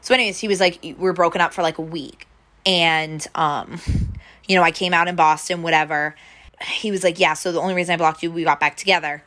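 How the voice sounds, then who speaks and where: Bright-voiced young woman retelling gossip. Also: lowish voice, steady tone, brisk. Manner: chatty, full of "like" fillers, acts out quoted lines. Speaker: storyteller. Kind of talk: casual chat.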